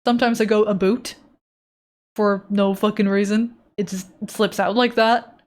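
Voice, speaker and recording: A woman's voice: mid-range voice, little pitch movement, moderate pace, a little mellow. A woman from Europe streaming live as an artist, reading chat aloud and joking with her viewers in a teasing, playful way. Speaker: art streamer. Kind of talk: casual live-stream chat while drawing.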